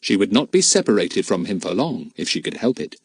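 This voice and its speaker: Male audiobook narrator, lively, husky voice, dry close sound. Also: lowish voice, a little fast. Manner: expressive, animated reading. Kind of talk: storybook narration.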